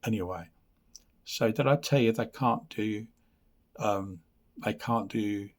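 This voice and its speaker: A man's voice: on the low side, steady tone, slow pace. An English man giving a rambling health update on his vlog, reading from notes and often losing his place, with blunt, dry humour. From England. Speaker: vlogger.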